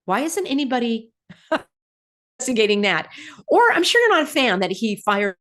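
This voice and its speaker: A woman hosting her own channel, talking casually to viewers and reading their comments aloud. She is sarcastic, fires off rhetorical questions with laughing asides, and her voice jumps up on mocking remarks. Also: moderate pace. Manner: animated, pitch jumping up on mocking remarks. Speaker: channel host.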